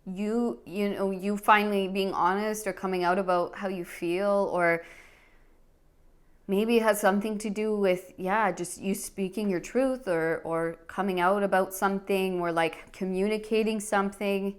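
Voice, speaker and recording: A woman's voice: mid-range voice, steady tone, moderate pace, clean tone. A woman giving a pick-a-card tarot reading, talking in an earnest, emotional way with many fillers and restarts. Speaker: tarot reader.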